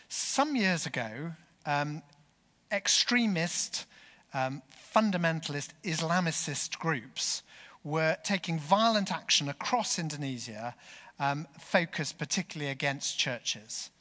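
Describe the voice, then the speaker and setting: A man delivers a sermon in a slow, deliberate pace, his earnest storytelling carried on a bright, clear voice. A long church reverb trails every phrase. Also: fairly high pitch. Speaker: preacher.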